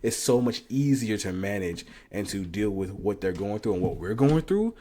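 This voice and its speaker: A low-pitched man riffs through a casual reaction commentary, blunt and profane. He swears freely and breaks into laughter often as he makes his point. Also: animated, moderate pace, dark tone. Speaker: commentary channel host.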